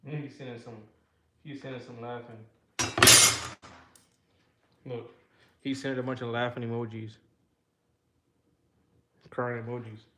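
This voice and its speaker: A man's voice: mid-range voice, flat delivery, unhurried, long pauses. A man hosting a casual livestream, rambling and talking to his viewers as he works. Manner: rambling, talks to chat, reads messages aloud. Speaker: livestream host. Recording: echoey room, faint background hum.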